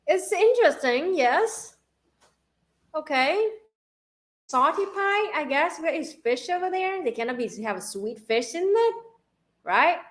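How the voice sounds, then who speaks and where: A woman with a Vietnamese accent hosting a casual livestream, halting and repeating words and laughing often. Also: sits high, expressive. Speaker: livestream host.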